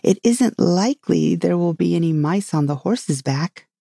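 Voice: mid-range voice, expressive, normal speed, creaky, warm tone, dry recording, studio quality. A storybook reader voicing a polite, curious young girl who asks earnest questions in a raised voice.

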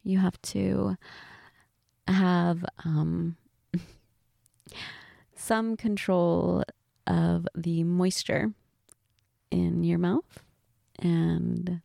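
A woman's voice: on the low side, level tone, drawn-out words, gravelly, pauses often, mellow, no echo, studio quality. A woman in a one-sided role-play chat, telling a friend a story, giggly and laughing as she talks. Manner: giggly, keeps laughing and restarting.

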